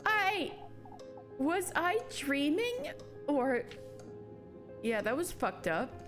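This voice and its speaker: An excitable woman streamer plays a game live, swearing and breaking into loud startled outbursts. Her voice sits high and swings widely, and game music plays clearly behind her. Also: drawn-out words.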